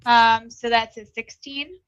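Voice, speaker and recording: A woman's voice: a little high, fairly even intonation, slow, fairly bright tone, no room sound, muffled recording. A woman playing a tabletop game, hesitantly describing her character's actions with many ums. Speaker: player.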